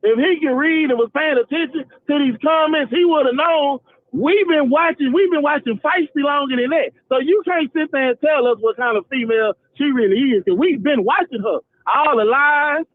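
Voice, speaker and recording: A man's voice: very high-pitched, moderate pace, dry recording. A man calling in to a livestream, talking emphatically with lots of stumbling restarts. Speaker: caller. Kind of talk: phone call-in. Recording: tinny phone line.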